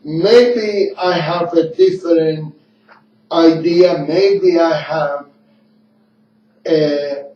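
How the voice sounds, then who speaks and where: Male radio host, non-native English speaker, slow and rambling, mellow voice, distant muffled roomy recording. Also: a little high. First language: not English. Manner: rambling, repeats himself, speaks slowly. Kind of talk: casual opinionated talk. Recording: dull lo-fi room sound from a distant mic.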